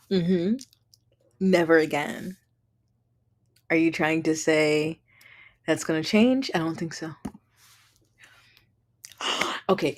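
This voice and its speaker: A young woman hosting a casual livestream chat, tired and yawning, greeting viewers and laughing often. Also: deep voice. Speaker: livestream host.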